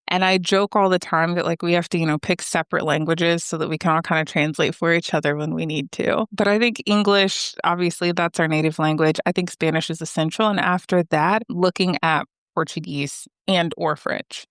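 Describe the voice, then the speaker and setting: A chatty woman from the US in her thirties talks as a podcast guest, filling her sentences with "like" and "you know." Her voice is smooth and crisp. The sound is close and dry, with no room around it. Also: fairly low pitch, no room sound. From United States. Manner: chatty, animated, many fillers like "like" and "you know". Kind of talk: conversational interview.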